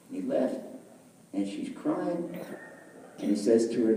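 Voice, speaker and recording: A man telling a story in a sermon, animated, acting out the characters' voices as he goes. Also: medium pitch, unhurried, pauses often, slight background noise. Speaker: rabbi giving a lecture. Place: large lecture hall. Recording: echoey hall, speaker far from mic.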